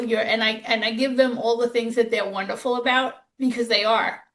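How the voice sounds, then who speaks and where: A woman who hosts a podcast and works as a nurse chats through stories from her job, quoting herself as she goes. Her voice is fairly high with fairly even intonation, and she talks a little fast with few pauses.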